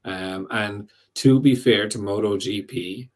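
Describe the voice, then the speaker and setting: Rambling man, fairly low voice. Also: slow pace. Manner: rambling, fills with "do you know what I mean". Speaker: podcast host. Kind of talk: casual chat.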